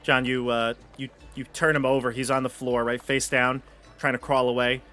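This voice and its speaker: Casual male game master, relaxed descriptive narration, soft music underneath. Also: medium pitch, moderate pace. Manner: relaxed, descriptive with frequent restarts. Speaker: dungeon master.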